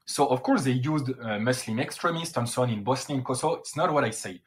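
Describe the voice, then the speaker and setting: A man's voice: medium pitch, fast, a little hiss or hum. A man from Brittany speaking English, answering interview questions in an earnest, insistent way. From Brittany, France. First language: French. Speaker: guest.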